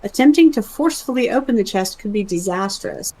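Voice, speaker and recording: A woman's voice: mid-range voice, animated, brisk, mellow, slight background noise, natural voice, low-quality recording. A woman reading a formal quest-giver's lines aloud from a game in her own plain, lightly wry voice.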